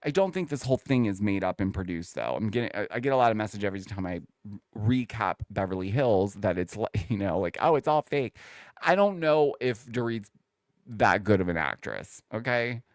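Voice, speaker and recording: A man hosts a casual reality TV recap, talking straight to his viewers in a chatty, opinionated way. His pitch swoops around a lot as he talks. The voice is smooth and clear, recorded dry and close. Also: expressive, a little fast, no room sound. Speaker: host.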